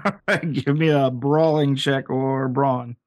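A man narrating as game master with many pauses and fillers. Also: mid-range voice, steady tone, dry recording.

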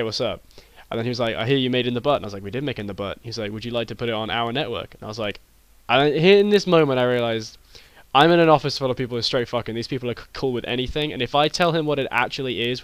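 A young British man telling a rambling, deadpan comedy story with many restarts, as a podcast co-host. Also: mid-range voice, clear, resonant tone, no echo. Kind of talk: improvised comedy chat.

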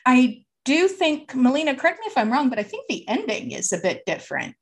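A woman's voice: high-pitched, very animated, brisk. A woman co-hosting a podcast in casual chat, talking easily and laughing often. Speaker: podcast co-host.

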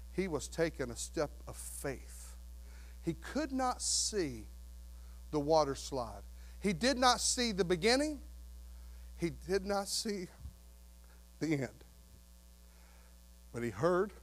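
Man, pastor, sermon, high voice, animated storytelling, hushed passages.

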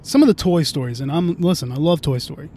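A man with a slightly high voice rambles through a casual podcast chat, swearing freely and starting his sentences over and over. He talks from inside a moving car, with a faint engine rumble under his voice. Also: quick pace, mellow. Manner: rambling, profane, restarts often. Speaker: podcast host.

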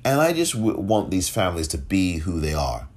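A man's voice: deep voice, big pitch swings, moderate pace, a little mellow. A man hosting a solo podcast commentary, impassioned and rhetorical, repeating phrases for emphasis and rising into pointed questions. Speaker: podcast host.

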